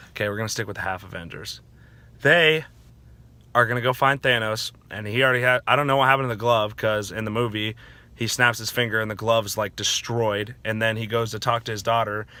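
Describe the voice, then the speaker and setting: A man talking casually in a movie review video, excitable and rambling with lots of slang. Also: medium pitch.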